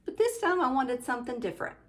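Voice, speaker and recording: A woman hosting her own craft channel, chatting casually at home as she shows her finished projects, often pausing with ums and speaking to viewers as "you all.". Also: sits high, animated, a bit bright. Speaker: cross-stitch channel host. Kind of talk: casual show-and-tell chat. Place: indoors at home, fan running.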